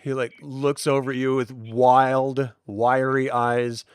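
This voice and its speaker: A man's voice: medium pitch, little pitch movement, slow pace, smooth, no echo. A man narrating a tabletop game as game master, in a loose, rambling way with many likes and restarts.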